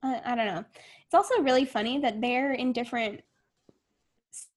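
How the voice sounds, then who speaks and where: A woman's voice: on the high side, moderate pace. A woman co-hosting a podcast in casual chat, chatty and trailing off with fillers. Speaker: podcast co-host.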